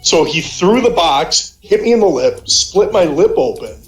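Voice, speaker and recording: A man's voice: fairly high pitch, sing-song, measured pace. A middle-aged man on a voice call, telling heated, profanity-laced stories in a casual way. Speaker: guest on a call. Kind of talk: casual storytelling. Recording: roomy echo, faint music behind.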